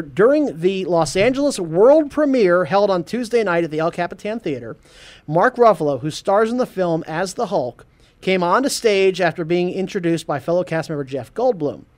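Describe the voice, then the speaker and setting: A man hosting a casual geek news podcast, animated, laughing often and stumbling over his words. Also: high-pitched. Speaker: podcast host.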